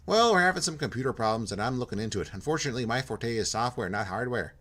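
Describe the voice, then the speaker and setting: A man's voice: medium pitch, expressive, quick pace, a bit bright. A man voicing a friendly, talkative male computer technician, with a Minnesota accent that drifts into Irish. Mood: friendly, chatty. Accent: Minnesota sliding into Irish. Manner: chatty, eager to explain.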